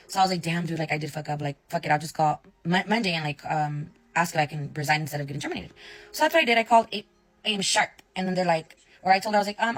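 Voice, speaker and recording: A young woman with a lowish voice tells a story as a casual rant, blunt and swearing often, acting out both sides of her conversations. The audio quality is poor.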